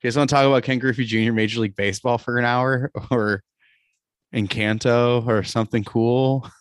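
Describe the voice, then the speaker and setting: A man's voice: medium pitch, steady tone, moderate pace, clean tone, no echo, studio quality. A man hosting a casual sports podcast, joking and laughing often as he leads the chat. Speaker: podcast host.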